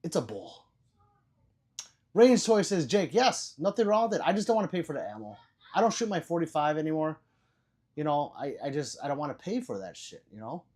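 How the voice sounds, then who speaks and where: A very animated older man hosting a livestream reads the chat at a brisk pace. He's profane and rambling, stammers, repeats words, and alternates between loud outbursts and quiet muttering.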